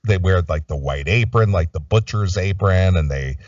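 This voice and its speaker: A man's voice: low voice, normal speed, darkish tone, dry recording, far from the mic, lo-fi sound. A man co-hosting a casual talk show, rambling and swearing as he tells a story. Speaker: podcast co-host. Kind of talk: casual profane chat.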